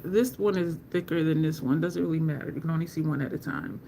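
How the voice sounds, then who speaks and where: A woman hosting a makeup livestream from home, talking slowly and rambling while she greets viewers from the chat. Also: low voice, vocal fry, mellow, slight background noise.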